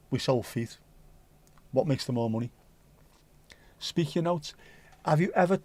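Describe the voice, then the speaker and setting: A man's voice: a little high, darkish tone, no room sound. A man with a mild Scouse accent hosting a casual livestream chat, joking and rambling cheekily. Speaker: livestream host.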